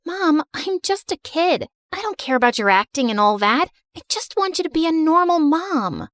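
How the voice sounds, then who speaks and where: A woman doing an upset young girl, high-pitched. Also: very animated, moderate pace, fairly bright tone, no echo, clean studio sound. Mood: frustrated. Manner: pleading, upset. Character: embarrassed, frustrated young girl. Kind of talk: animated story narration.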